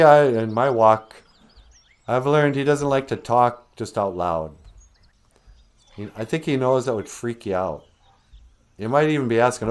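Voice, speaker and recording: A man hosting a comedic puppet show, rambling and giggling at himself. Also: mid-range voice. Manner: rambling, giggly, self-deprecating.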